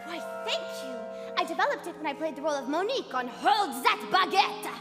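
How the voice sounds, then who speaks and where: A woman's voice: extremely high pitch, big pitch swings, fairly quick, over music. A young woman playing a bubbly, theatrical starlet bride who talks in a showy, melodramatic way. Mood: dramatic. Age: teens. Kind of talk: stage musical acting. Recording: reverberant auditorium stage.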